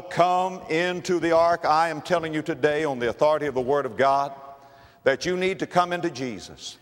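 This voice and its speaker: A man preaching an evangelistic sermon, pleading and building emphatically to loud exhortation. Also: fairly high pitch, long reverb tail.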